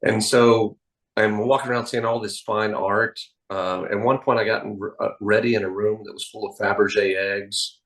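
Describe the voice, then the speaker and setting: A man being interviewed as a magician, telling anecdotes in an animated, storytelling way. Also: fairly low pitch, normal speed, poor audio. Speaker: magician guest.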